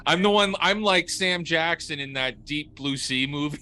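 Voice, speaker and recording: A man's voice: on the high side, normal speed, pushed and bright, a little hiss or hum. A man playing a tabletop horror game, joking around and stammering when his character is scared. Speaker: player. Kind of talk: casual tabletop play.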